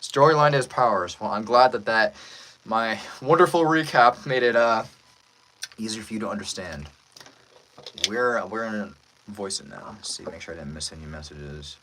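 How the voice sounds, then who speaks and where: Animated, chatty male voice actor streaming. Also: on the low side, moderate pace, slight background noise, low-quality recording. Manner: animated and chatty, laughs often. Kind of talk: casual live-stream chat.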